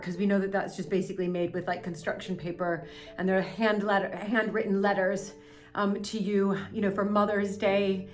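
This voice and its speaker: A woman's voice: medium pitch, little pitch movement, normal speed. American woman vlogging from behind the camera, emotional, rambly, says sorry a lot, bit of music in the back. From United States. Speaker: vlog co-host filming behind the camera. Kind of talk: casual vlog. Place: house cellar. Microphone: handheld camera.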